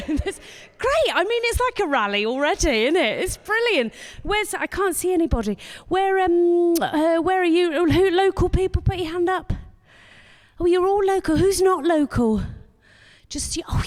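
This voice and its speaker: High-voiced woman, brash sweary compere doing crowd work live. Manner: brash, sweary, teasing the audience. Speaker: comedy compere. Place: live comedy venue before an audience.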